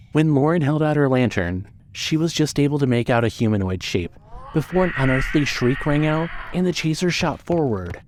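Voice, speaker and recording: A man narrating a fan audio drama with steady storytelling. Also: mid-range voice.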